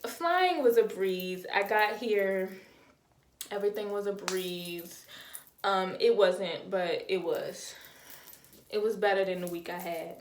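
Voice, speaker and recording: A woman's voice: medium pitch, slow pace, echoey room, a little hiss or hum. A young woman in her twenties, telling a storytime vlog dramatically, acting out quotes and making sound effects. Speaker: vlogger.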